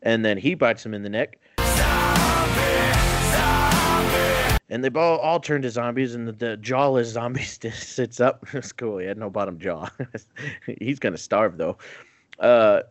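A man's voice: medium pitch, moderate pace, faint music behind. A man casually recapping a film with crude jokes, laughing often and acting out the characters' lines. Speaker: podcast host recapping a film. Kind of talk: casual comedic movie recap.

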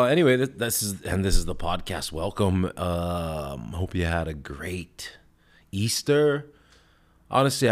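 A man hosts his podcast in a loose, casual ramble, with plenty of swearing along the way. His voice sits very low. He wanders from story to story without hurrying. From Hawaii. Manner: rambling, heavy swearing, laid-back storytelling. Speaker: podcast host. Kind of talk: casual chat.

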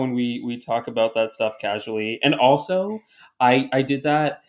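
A man's voice: mid-range voice, moderate pace, a little mellow. A man co-hosting a podcast in casual chat, rambling and self-deprecating, with many restarts and fillers, talking through earbuds on a call. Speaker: podcast co-host.

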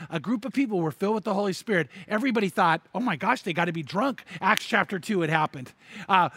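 Bright-voiced older male preacher. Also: high voice, dry recording. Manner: energetic preaching with repeated words and rising emphasis. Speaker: pastor. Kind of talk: sermon.

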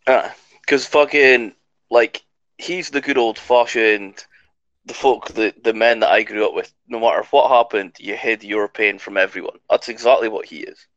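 A man's voice: lowish voice, fairly even intonation, normal speed, fairly bright tone, dry recording. A man with a Scottish accent co-hosting a podcast in casual chat, blunt and swearing freely, while losing his voice. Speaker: podcast co-host. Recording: dull, dry lo-fi sound.

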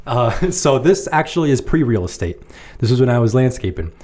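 A man's voice: mid-range voice, fairly quick, a loud crowd. Laughing male storyteller. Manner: animated storyteller, acts out quoted voices, laughs often. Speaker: podcast co-host. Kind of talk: casual chat, storytelling.

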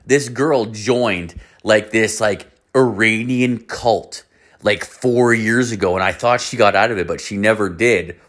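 A man's voice: lowish voice, unhurried. A young man hosting a podcast, telling a story in casual chat, rambling and swearing heavily. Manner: heavy swearing, rambling and animated. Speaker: podcast host.

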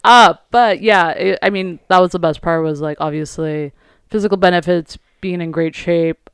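A man talking as a guest in a relaxed casual chat, laughing easily and swearing casually. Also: high voice, moderate pace, clear, resonant tone, no room sound, studio quality.

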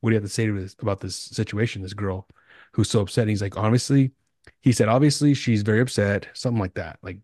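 Low-voiced man telling rambling stories. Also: steady tone, fast, darkish tone, no room sound, clean studio sound. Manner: rambling storytelling, heavy slang and swearing. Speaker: podcast host. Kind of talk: casual chat.

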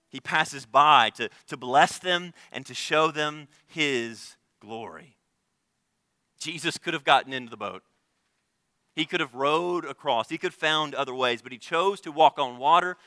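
Young male pastor, bright and forceful tone, dry sound; earnest sermon delivery with hushed dips. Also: mid-range voice, no room sound. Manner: earnest preaching, shifts between loud emphasis and hushed tones.

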